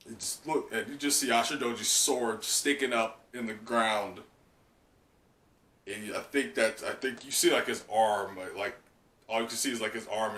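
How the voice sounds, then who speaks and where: A man hosting a casual live reaction, excitable and laughing often, with plenty of fillers and swearing. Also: on the low side. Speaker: channel host. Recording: echoey room, mic at a distance.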